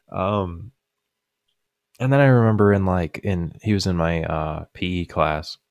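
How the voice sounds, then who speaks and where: Speaking a little slowly in a deep, slightly mellow voice, a young podcast co-host tells rambling stories in casual chat. He uses lots of fillers and restarts and often laughs at his own punchlines. The audio is dry and dull.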